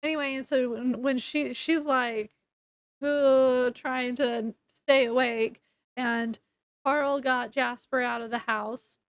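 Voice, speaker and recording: A woman's voice: sits high, fairly even intonation, slow pace, no room sound. A woman casually retelling a novel's plot in a rambling, chatty way, full of fillers and restarts. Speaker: book reviewer. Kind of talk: casual book review recap.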